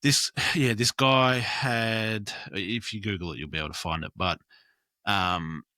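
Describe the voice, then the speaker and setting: Muralist guest, laid-back rambler, lowish bright voice, dry close mic. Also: male voice, steady tone, measured pace, dry recording. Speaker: graffiti and mural artist, guest. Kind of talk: casual chat.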